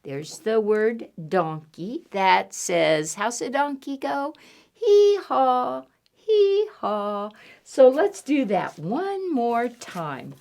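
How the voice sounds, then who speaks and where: A children's librarian leads storytime in a bouncy, sing-song voice, swooping widely up and down in pitch and unhurried in her delivery. Her tone has a gravelly edge, and she spells out simple words and imitates animal noises for little listeners. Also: sing-song, a little mellow. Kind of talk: storytime reading to young children.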